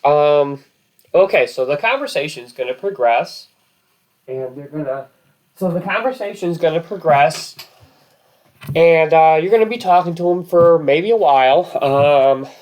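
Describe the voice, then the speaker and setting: A man's voice: a little high, lively intonation, measured pace, a little mellow. A man talking casually to camera as a vlog host, rambling with many fillers and restarts.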